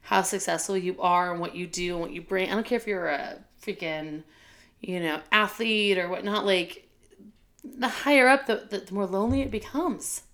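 Gravelly-voiced woman telling a heartfelt story. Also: mid-range voice, moderate pace, fairly bright tone. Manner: candid, heartfelt, tearful at times, many fillers. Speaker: school teacher and administrator. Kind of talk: emotional personal storytelling.

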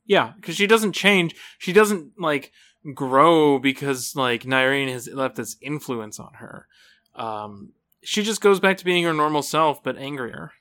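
A man's voice: a little high, unhurried, fairly bright tone. A man chatting casually as a podcast co-host, rambling and hesitant, with many restarts. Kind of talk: casual chat.

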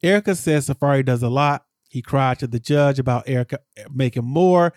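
A man co-hosting a podcast, rambling through a casual recap and jumping up in pitch when he gets exasperated. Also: brisk, a little mellow, no echo, clean studio sound. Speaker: podcast co-host.

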